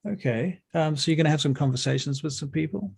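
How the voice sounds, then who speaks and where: Guy gm narrating the scene, gravelly and kinda husky, laid back with lots of ums. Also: fairly high pitch, quick pace. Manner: relaxed, full of ums and uhs. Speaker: game master. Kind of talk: narrating a tabletop role-playing game.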